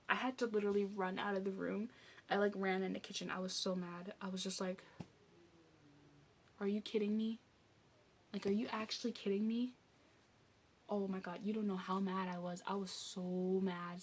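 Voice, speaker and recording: Casting: young adult woman, movie-review vlogger, mid-range voice, rambling chatty recap, faint background noise. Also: medium pitch. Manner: rambling, chatty, heavy use of "like" and "um". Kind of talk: casual spoken movie recap.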